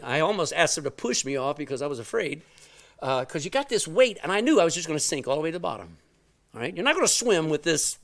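Middle-aged guy preaching, voice jumps all over, big swings loud to quiet. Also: a little high. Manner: animated storytelling, swings from loud exclamations to quiet asides. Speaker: pastor. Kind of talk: sermon.

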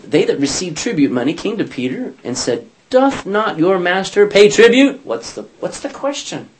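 A man's voice: a little high, low-quality recording. A man teaching a Bible study, asking his listeners questions and acting out scripture quotes in character voices.

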